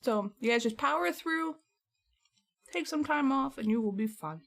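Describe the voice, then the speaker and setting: A woman's voice: high voice, expressive, normal speed, creaky. A young woman streaming from home, chatting casually and answering her live chat as she goes. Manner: chatty, reads and answers chat messages, rambling.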